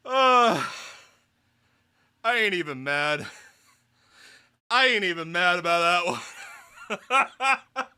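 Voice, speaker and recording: Excitable guy streamer, animated pitch, talks kinda slow, out of breath from laughing. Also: clear, resonant tone. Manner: excitable, laughs hard and swears. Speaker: VTuber streamer. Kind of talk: live game reaction stream. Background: faint background music.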